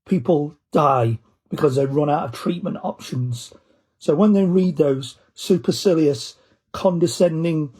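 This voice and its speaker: Husky fired-up guy, slightly high voice, hammering each point with repeats. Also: darkish tone. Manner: angry, emphatic, repeating words for stress. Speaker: cancer patient in a recorded message. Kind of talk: impassioned recorded plea.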